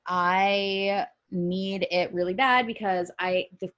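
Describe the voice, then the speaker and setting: A woman's voice: mid-range voice, fairly even intonation, takes it slowly, fairly bright tone, dry recording, dull audio. A woman co-hosting a casual chat, blunt and sarcastic, swearing freely. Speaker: podcast co-host.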